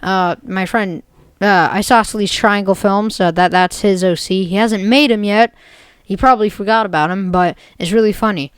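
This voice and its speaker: A woman's voice: medium pitch, fairly even intonation, normal speed, smooth, dry recording. A woman retelling an absurd made-up story in a rambling, jokey way, full of "basically" and "like". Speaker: video creator.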